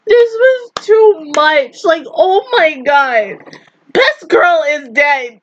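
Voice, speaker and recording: A high-pitched young woman gushing through an emotional reaction, her voice teary and strained from crying as she laughs and exclaims. The sound is dull and lo-fi, like a simple home setup. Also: sing-song, extremely slow, fairly bright tone, a little hiss or hum. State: teary, sore throat from crying. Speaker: anime reaction vlogger.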